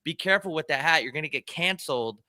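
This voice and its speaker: A man co-hosting a loose podcast chat, ranting hard and swearing freely. His voice is bright and forceful, a touch high for a man, and sits in a dry, close sound. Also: expressive, fast, no room sound. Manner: fired-up, profane ranting. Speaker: podcast co-host. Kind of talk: casual chat.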